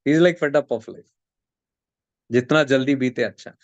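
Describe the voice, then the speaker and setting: A man's voice: medium pitch, very fast, no echo, highs cut off. A man giving a casual spiritual talk, telling stories and acting out the people in them. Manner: storytelling, acting out quoted friends, mixing Hindi into English. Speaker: spiritual teacher. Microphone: streamed call audio.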